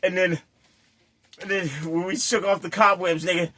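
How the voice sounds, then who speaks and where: A man's voice: high voice, steady tone, normal speed, bright, forceful tone. A man hosting a show, telling a raucous story full of swearing, laughing often and acting out the scenes. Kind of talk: casual anecdote telling.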